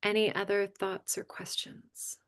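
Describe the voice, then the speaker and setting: A woman's voice: medium pitch, little pitch movement, measured pace. A woman leading a boundaries workshop, telling a personal story and checking in with frequent "right?" questions. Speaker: workshop leader. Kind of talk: teaching a live boundaries workshop.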